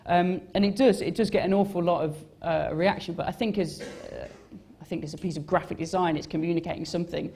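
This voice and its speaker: A man's voice: a little high, fairly even intonation, fairly quick, gravelly, a little mellow, breathy edge. A young man gives a casual talk about his design work on stage. He rambles and mocks himself, with many fillers and restarts. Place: on stage at a live event.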